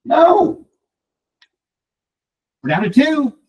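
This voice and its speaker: A man teaching a live workshop to a room of colleagues, talking fast and asking the audience questions. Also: very high-pitched, rough recording. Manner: fast, animated, addresses the room directly. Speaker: real estate trainer.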